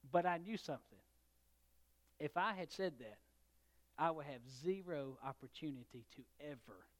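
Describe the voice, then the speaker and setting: A middle-aged pastor, preaching in a somewhat high voice. He tells his story in a lively way, dropping to near a murmur and then rising loud again. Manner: storytelling, shifts between loud and soft. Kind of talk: sermon.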